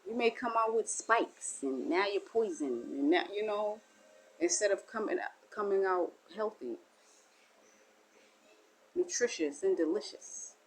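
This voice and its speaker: A woman's voice: medium pitch, expressive, measured pace, slight background noise, low-quality recording. Woman, spiritual teacher, mid-range voice, rambling folksy preaching that loops back on itself. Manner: meandering, repetitive, folksy. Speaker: self-styled spiritual teacher. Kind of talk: spiritual monologue.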